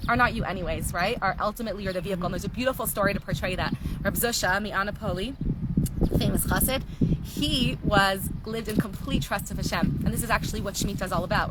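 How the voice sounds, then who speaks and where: A woman teaching a live class, telling stories in an animated, earnest way. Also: medium pitch, heavy background noise. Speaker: Torah teacher.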